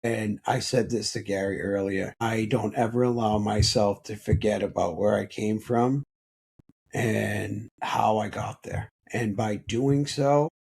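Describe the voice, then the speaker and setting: A man speaking as a podcast guest, telling a personal story in an earnest, halting way with frequent restarts. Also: on the low side, steady tone, gravelly, darkish tone, husky.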